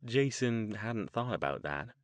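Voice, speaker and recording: Low-voiced male audiobook narrator. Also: animated, measured pace, no echo. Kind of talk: scripted narration.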